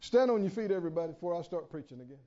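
A man preaching a sermon in an animated, storytelling way, often chuckling. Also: high-pitched, racing, big-room sound, highs cut off.

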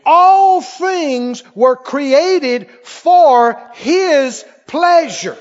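A man preaching a sermon to a congregation, animated, laughing often and asking them questions. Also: extremely high pitch, drawn-out words, lo-fi sound.

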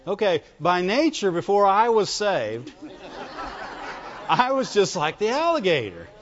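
A man's voice: high-pitched, very animated, a little slow, fairly bright tone, a little hiss or hum. A man preaching a folksy sermon in church, calling out to the congregation for amens as he goes. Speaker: pastor. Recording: dull lo-fi recording with long reverb.

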